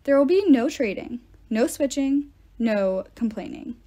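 A woman's voice: fairly high pitch, expressive, a little slow, warm tone. A woman voicing a stern, gray-haired male swordsmaster who gives clipped, commanding orders.

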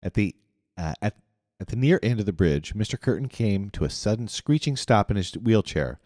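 A man narrating an audiobook in an expressive reading. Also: lowish voice, normal speed, no echo, clean studio sound, in a large hall. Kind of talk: scripted narration.

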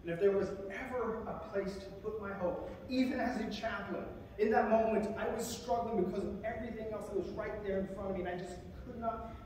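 A man's voice: high voice, a little fast, darkish tone, slight background noise. A man preaching a sermon as a military chaplain, talking in a conversational way and acting out the scripture quotes in different voices. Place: large chapel. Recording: echoey chapel from far off.

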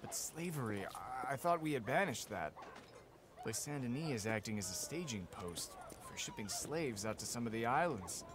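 A pious charity collector in a video game, voiced by a man in an earnest, polite, preachy tone. His voice is mid-pitched, with a light hiss of noise behind it. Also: big pitch swings, normal speed, natural voice. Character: pious male charity collector begging for the poor.

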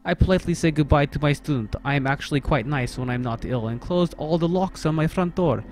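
A man's voice: fairly high pitch, fast talker, a little mellow, slight background noise, natural voice. Man doing a hammy Russian-accent gamer. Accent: put-on Russian. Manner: hammy, broken English. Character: comic Russian man reading his own story aloud. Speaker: let's play host. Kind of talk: comedic game reading.

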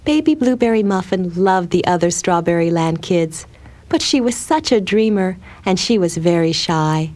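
A woman gently and expressively narrating a children's storybook. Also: on the low side, expressive, moderate pace.

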